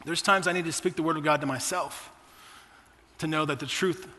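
A man's voice: a little high, steady tone, fairly quick, pushed and bright, long reverb tail. A man in his forties preaching a sermon, telling personal stories in a conversational way to his church. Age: 40s. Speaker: pastor.

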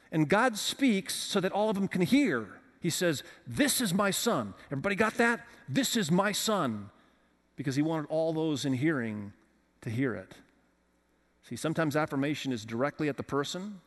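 A man's voice: a little high, lively intonation, moderate pace, in a large hall. A man preaching a sermon as pastor, talking conversationally and putting questions to the congregation. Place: church with several campuses.

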